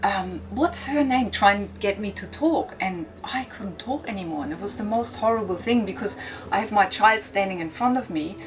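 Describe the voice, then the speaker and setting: A middle-aged woman, an interview guest, recounting a personal experience earnestly and haltingly, with frequent fillers. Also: medium pitch, a bit bright, slight background noise. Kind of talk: personal account in conversation.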